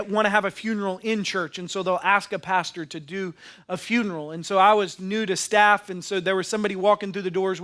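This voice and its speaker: A pastor preaches a sermon, telling stories from his ministry with earnest conviction. His voice is notably high for a man. He speaks directly and plainly to his congregation. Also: fairly bright tone.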